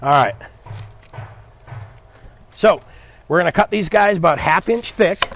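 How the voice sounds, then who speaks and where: A man's voice: high-pitched, lively intonation, unhurried, fairly bright tone. A man hosting a live cooking demo, chatting upbeat with viewers and his helper as he cooks. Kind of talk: live cooking stream, casual chat.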